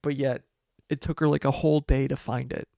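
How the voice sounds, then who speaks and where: Gravelly, rambling man hosting a podcast. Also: mid-range voice, flat delivery, a little fast, mellow, dry recording, studio quality. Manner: rambling, with many restarts and self-corrections; laughs often. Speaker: podcast host. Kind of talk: casual solo livestream chat.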